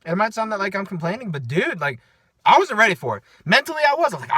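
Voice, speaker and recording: A tired man rambling through a casual, animated story about his work shift, checking in with lots of "right?". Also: high-pitched, quick pace, breathy edge, no echo. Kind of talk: casual chat.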